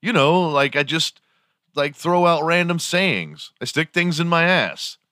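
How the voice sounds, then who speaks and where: A crude slang-coining guy, high and bright, as a man puts him on. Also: lively intonation, a little slow, dry recording, studio quality. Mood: blunt. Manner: bluntly crude, matter-of-fact. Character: crude young man inventing dumb slang.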